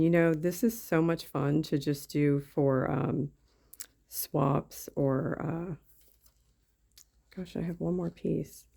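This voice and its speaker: A woman with a twang talks her viewers through a craft project, rambling and thinking aloud as she goes. Her voice sits low, with a gravelly fry and a dark, mellow tone. She sounds like she is recording at her craft table at home on a camera mic. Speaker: craft YouTuber. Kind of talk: casual craft-along chat.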